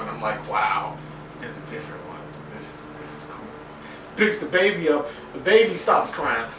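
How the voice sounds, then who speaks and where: A man giving a casual, profane episode recap, excitable and acting out scenes in voices. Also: on the high side, roomy sound, distant mic, a little hiss or hum, low-quality recording. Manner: excitable, swears a lot, acts out scenes in voices. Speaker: TV episode reviewer.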